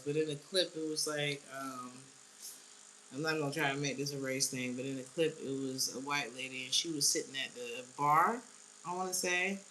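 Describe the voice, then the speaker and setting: A woman's voice: sits low, a bit bright, slight background noise, low-quality recording. A woman giving a casual tarot reading, blunt and slangy, often laughing. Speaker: tarot reader.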